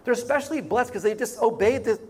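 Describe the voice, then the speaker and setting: A man's voice: extremely high pitch, quick pace, a little mellow, husky. A man preaching a sermon in a conversational way, often acting out short quoted voices. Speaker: pastor.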